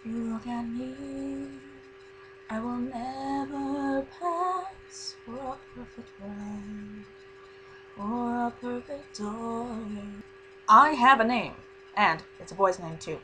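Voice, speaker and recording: Girl doing a nervous earnest cartoon heroine, stumbly, kinda high. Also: slow, over music, rough recording. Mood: unsure. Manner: hesitant, unsure, stumbling. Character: anxious, earnest young warrior woman.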